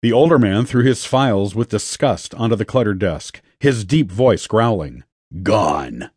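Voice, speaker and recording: A man reading a thriller audiobook as narrator, with an expressive delivery. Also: fairly low pitch, normal speed, slightly rough, no room sound, studio quality. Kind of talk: scripted narration.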